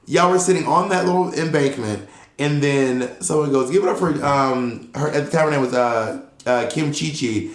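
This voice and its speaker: A man co-hosting a podcast in casual chat, an animated storyteller who acts out the people he quotes. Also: medium pitch, moderate pace. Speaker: podcast co-host. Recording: roomy echo.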